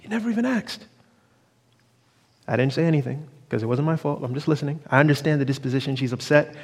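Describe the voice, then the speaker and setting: A man's voice: mid-range voice, fairly even intonation, very fast. A man preaching a sermon from the pulpit, drawing out phrases for emphasis and calling for responses from the congregation. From New York. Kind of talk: sermon with storytelling. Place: church sanctuary. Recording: long reverb of a church hall.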